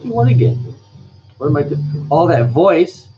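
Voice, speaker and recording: A soft-spoken man, chatting casually as a host reading viewer comments on a live stream. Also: on the high side, dull audio, music in the background. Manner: relaxed, rambling, with pauses. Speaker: cooking channel host.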